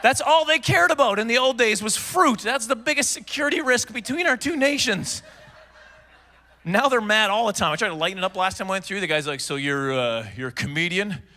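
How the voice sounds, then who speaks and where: A man from Canada tells rambling, self-deprecating stories in a stand-up set, stumbling and restarting. His voice sits high and sounds bright and forceful. He is performing on stage for a live crowd. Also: fairly quick. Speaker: stand-up comedian. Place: stage before a live audience.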